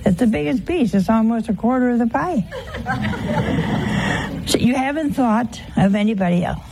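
A woman's voice: on the high side, lively intonation, moderate pace, creaky, background noise. A woman giving a homely, conversational sermon, teasing her listeners with rhetorical questions. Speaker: religious teacher.

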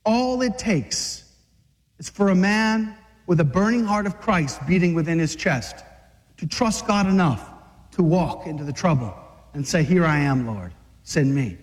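A man preaching a fiery sermon to men, dramatic, acting out scenes and shouting at the peaks. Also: high-pitched, expressive, unhurried, long reverb tail.

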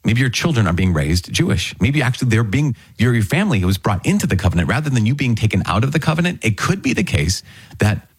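A man's voice: medium pitch, very animated, fast talker, breathy edge, no room sound. A man giving an earnest, conversational Bible teaching, often repeating words and phrases as he explains the passage. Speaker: preacher. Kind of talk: sermon-style Bible teaching.

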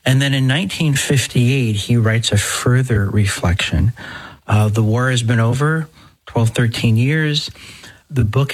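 A middle-aged Catholic priest hosting a talk show, speaking in a conversational, digressive way with folksy exclamations. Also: male voice, medium pitch, poor audio. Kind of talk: podcast talk.

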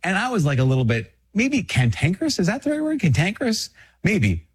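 A man, a priest, talking casually to camera in an online video, chatty and self-mocking with animated asides. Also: fairly high pitch, a little fast, husky.

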